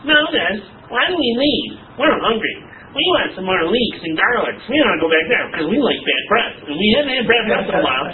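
A man's voice: sits high, very animated, fairly quick, pitched above the performer's own voice. A man voicing petulant, whiny Israelites grumbling in the desert, in a nagging sing-song way, recorded from a distance with tinny, phone-like sound. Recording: distant tinny phone-like audio, faint noise.

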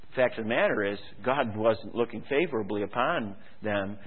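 A man's voice: animated, moderate pace, few pauses, husky. A man preaching a sermon, reading scripture and urging listeners to repent, with emphatic delivery. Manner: emphatic, rises high when mimicking complacent people. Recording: phone-like lo-fi radio broadcast.

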